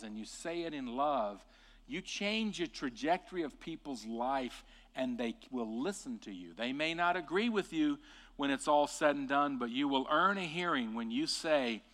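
A male preacher delivering a sermon with real fervor. His voice climbs high and loud on key points, then sinks low and slow to drive a verse home. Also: animated. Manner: impassioned, swings from hushed to loud and emphatic.

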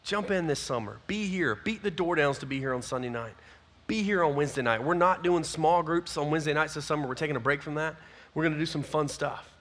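Youth pastor, man, forceful bright tone, slightly high voice, folksy and exhorting. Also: a little fast, few pauses. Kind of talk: closing talk to a youth group.

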